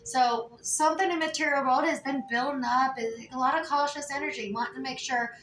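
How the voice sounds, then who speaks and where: A woman's voice: high-pitched, fairly even intonation, brisk, fairly bright tone, slight background noise. A woman giving a casual tarot reading, talking in a chatty way with many fillers and restarts. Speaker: tarot reader. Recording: echoey room, mic at a distance.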